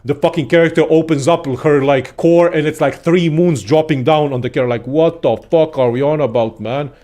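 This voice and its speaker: A young man casually ranting about games in a profane, excitable, rambling way as a content creator. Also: on the high side, fairly quick. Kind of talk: casual gaming rant.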